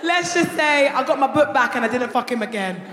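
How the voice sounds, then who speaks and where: A woman doing a live stand-up set on stage, telling crude stories in a brash, animated way. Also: high voice, fairly quick. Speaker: guest stand-up comedian. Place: large concert hall stage. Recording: echoey hall, live crowd noise. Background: live audience laughing.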